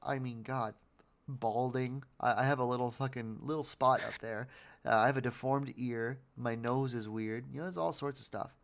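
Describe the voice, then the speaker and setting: A man's voice: mid-range voice, fairly even intonation, normal speed, vocal fry. A man hosting a podcast, talking in a casual, earnest way about motivation, often repeating words as he goes and swearing now and then. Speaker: podcast host.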